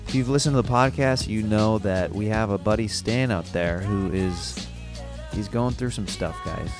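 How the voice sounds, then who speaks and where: A man hosting his podcast in a casual, rambling, upbeat way, laughing often. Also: on the low side. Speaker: podcast host. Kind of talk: casual solo podcast chat.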